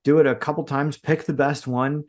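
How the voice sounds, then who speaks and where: A man's voice: a little high, little pitch movement, normal speed, a little mellow. A man co-hosting a podcast, making an earnest point in a lecturing way during casual chat. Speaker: podcast co-host.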